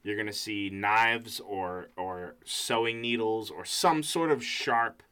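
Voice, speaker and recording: A man's voice: fairly low pitch, slow, pushed and bright, smooth. A man co-hosting a casual podcast, explaining film genres at length with many fillers. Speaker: podcast co-host. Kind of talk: casual chat.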